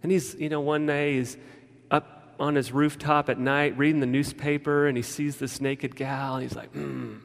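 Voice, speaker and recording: A pastor gives a conversational, story-driven sermon, informally spinning tales and often restarting his sentences, with a large hall's long reverb around him. His male voice is fairly high, with little pitch movement, at a normal speed.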